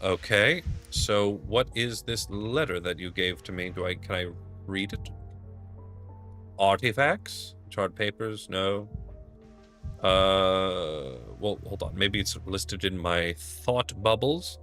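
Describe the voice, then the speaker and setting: A man's voice: low-pitched, slow, a bit bright, faint music behind. A man casually commenting on a video game and reading its dialogue aloud. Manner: rambling, reads dialogue aloud. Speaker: let's play gamer.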